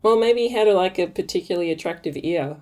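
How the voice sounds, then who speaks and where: A woman's voice: lowish voice, fast talker, darkish tone. A woman guest in a casual chat who tells jokes playfully. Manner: playful joke-teller.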